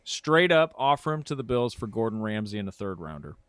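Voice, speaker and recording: A man with a smooth, resonant voice co-hosts a sports podcast in a playful, joking tone. The recording is dry and close. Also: lowish voice, sing-song, a little fast, fairly bright tone, no room sound. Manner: playful, plays along with jokes. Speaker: podcast co-host. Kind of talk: comedic sports podcast banter.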